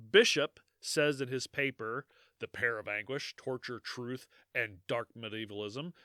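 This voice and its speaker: A man's voice: mid-range voice, no echo, clean studio sound. A man co-hosting a podcast, chatting casually and reading out a long quote, swearing freely. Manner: swears freely, laughs often; animated, swings between loud and quiet. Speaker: podcast co-host.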